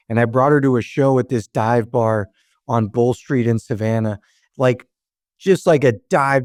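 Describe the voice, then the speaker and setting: A man's voice: mid-range voice, darkish tone, no echo, studio quality. A young man and stand-up comedian, a podcast guest, telling loose, profane stories with laughs. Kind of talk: casual storytelling chat.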